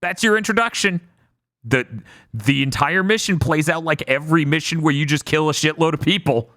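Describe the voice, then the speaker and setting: A man's voice: a little high, fairly quick, no echo, clean studio sound. A man co-hosting a casual game podcast, retelling game scenes with lots of swearing and acted-out lines. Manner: animated storytelling, acts out game scenes with swearing. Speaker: podcast co-host.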